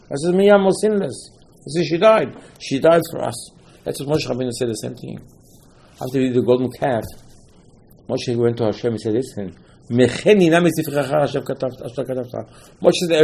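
A man's voice: medium pitch, a little fast, a little mellow, husky. A man giving a Torah sermon with non-native English sprinkled with Hebrew terms, telling stories with dramatic asides and rhetorical questions. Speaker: rabbi teaching Torah.

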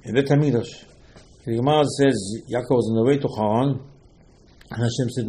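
A man giving a religious lecture, his voice set at an ordinary middle pitch. He drives each point home by repeating it, jumping from quiet asides to loud insistence. His English phrasing is slightly non-native. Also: fairly quick, long pauses. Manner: emphatic, repeats key points, swings between loud and soft. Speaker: rabbi giving a Torah lesson.

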